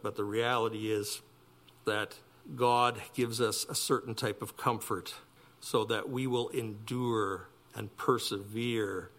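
Man, sermon, animated preaching, loud emphatic peaks, soft quiet drops. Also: lowish voice. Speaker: pastor.

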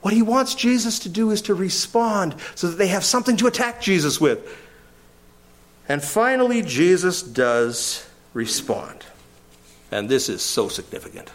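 An older man preaching a verse-by-verse sermon, animated, his voice climbing sharply when he quotes. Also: on the high side.

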